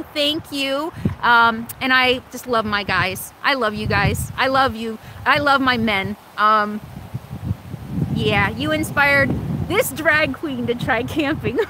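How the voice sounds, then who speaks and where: A woman with a high, bright voice chats casually on a live stream, answering viewer comments as she goes. She rambles emotionally and often restarts her sentences. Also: a little hiss or hum, low-quality recording. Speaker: vlogger hosting a live stream. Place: RV camp in Alaska.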